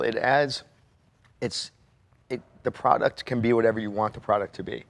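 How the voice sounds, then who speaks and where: A man with a medium-pitched, creaky voice, an interior designer, chats on a panel while telling anecdotes in a storytelling style.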